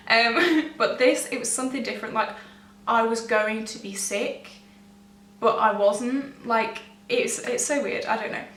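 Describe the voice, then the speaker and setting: A woman's voice: mid-range voice, bright, forceful tone. A young woman, telling a personal story to camera in a rambling, self-interrupting way with nervous laughs. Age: young adult. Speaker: vlogger. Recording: echoey room, distant mic, faint hum.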